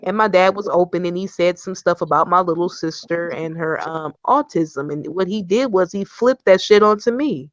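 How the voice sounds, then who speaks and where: A woman's voice: on the low side, normal speed, hardly any pauses, dry recording. A young woman in casual online chat, defending herself bluntly and swearing freely. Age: young adult. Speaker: guest. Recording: dry, slightly dull stream audio.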